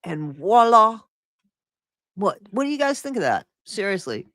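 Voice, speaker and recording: A woman hosting a live stream, chatting casually and excitably with her viewers. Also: mid-range voice, measured pace, no echo, studio quality. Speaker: streamer host.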